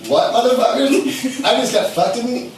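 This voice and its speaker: A man voicing an indignant, foul-mouthed female cow who rants in a raised pitch, recorded in an echoey room from a distance. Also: normal speed, a little hiss or hum. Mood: outraged. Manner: indignant, profane ranting.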